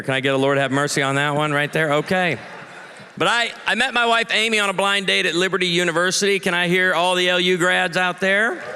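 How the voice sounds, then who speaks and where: Bright, punchy pastor-comedian man on stage. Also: sits high, clear, resonant tone. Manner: punchy, playful, calls for audience response. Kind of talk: stand-up comedy talk to a live audience. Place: large live venue. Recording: long reverb of a large venue.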